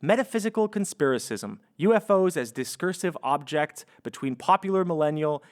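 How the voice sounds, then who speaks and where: A man with a somewhat high voice hosts a podcast, working through a prepared script. He reads steadily but drops in dry, sarcastic remarks and breaks into loose conversation with his guests. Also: animated, normal speed. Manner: wry, sarcastic asides while presenting research. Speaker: podcast host. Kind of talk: reading a prepared script mixed with casual chat.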